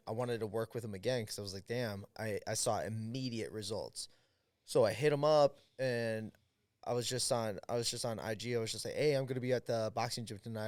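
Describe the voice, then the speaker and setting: On a podcast, an American man who is a fighter appears as a guest and tells a story in a smooth, resonant, lowish voice. The room is dry with no ambient sound. He speaks casually, using plenty of filler words and acting out the people he quotes.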